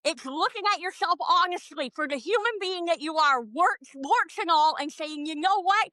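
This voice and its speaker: A woman comedian in casual podcast chat, profane and animated, ranting with big swings in loudness. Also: extremely high pitch, moderate pace, no echo. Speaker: comedian guest.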